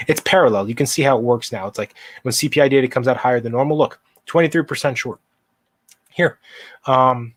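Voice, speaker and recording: Speaking in a mid-range voice with no echo, a livestream stock market host takes his audience through the charts. He is emphatic and impassioned, and he answers questions from chat as he goes.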